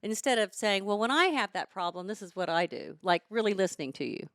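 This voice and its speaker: Middle-aged mom co-host, clear smooth voice, dry close sound, earnest advice in casual chat. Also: female voice, medium pitch, animated, a little fast, a bit bright, dry recording. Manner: thoughtful, earnest advice-giving. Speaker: podcast co-host, mother.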